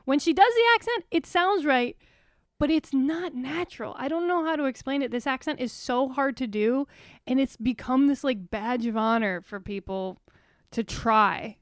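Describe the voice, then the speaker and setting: A woman's voice: high voice, moderate pace, no room sound, studio quality. A young woman from the suburbs, co-hosting a comedy podcast in a swearing, ranting, over-caffeinated way. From Philadelphia suburbs. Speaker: podcast co-host. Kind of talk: casual comedic chat.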